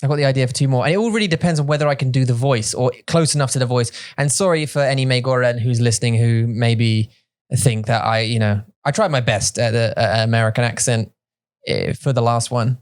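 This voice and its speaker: A man's voice: mid-range voice, quick pace. A man from England, co-hosting a casual bilingual podcast and chatting loosely, now and then trying out voices. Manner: chatty, does playful accent impressions. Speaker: podcast co-host. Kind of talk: casual chat.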